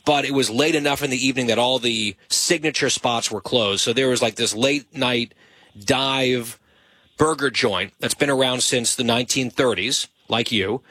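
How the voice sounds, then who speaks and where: A man's voice: medium pitch, moderate pace, bright, forceful tone, breathy edge, dry recording. A man hosting a talk show, teasing his producer with dry humor in casual banter.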